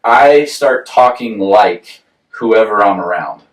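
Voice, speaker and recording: A man's voice: fairly low pitch, animated, takes it slowly. A man with a Southern American accent, co-hosting a podcast and telling a rambling story with frequent laughs. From Southern United States. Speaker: podcast co-host. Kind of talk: casual chat. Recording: roomy echo, far from the mic.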